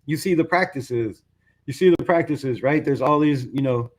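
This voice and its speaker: A man with a somewhat high voice talks at normal speed while hosting a fan channel. His sports rant is casual and frustrated, peppered with "bro" and "right?"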